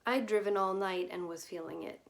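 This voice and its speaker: A woman reading a short story aloud as scripted narration, in a measured, subdued way. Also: mid-range voice. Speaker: reader.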